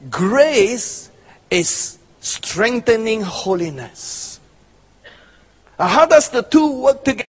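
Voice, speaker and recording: A man preaching a sermon, stretching out key words and then pressing hard on others. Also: high voice. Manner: emphatic, drawn-out phrasing with bursts of force. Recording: hall reverb.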